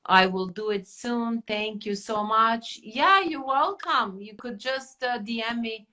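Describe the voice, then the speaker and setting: Woman host, bright tone, chatty and rambling. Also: a little high, slow pace. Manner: chatty, many fillers and restarts. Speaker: podcast host. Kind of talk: casual chat.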